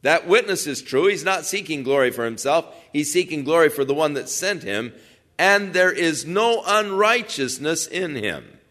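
A man's voice: on the high side, expressive, normal speed, sharp tone. A man preaching, reading scripture aloud and then explaining it, acting out the crowd's remarks as he goes. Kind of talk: verse-by-verse sermon.

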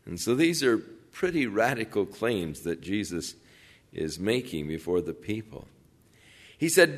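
A man's voice: fairly low pitch, very animated, a little slow. A man preaching, reading scripture aloud and then explaining it, acting out the crowd's remarks as he goes. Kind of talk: verse-by-verse sermon.

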